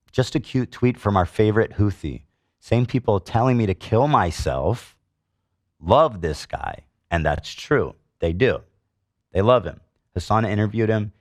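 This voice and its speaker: A man's voice: fairly low pitch, dry recording, clean studio sound. A middle-aged man hosting a podcast, delivering an indignant, swearing commentary monologue and reading comments aloud with sarcasm. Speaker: podcast host.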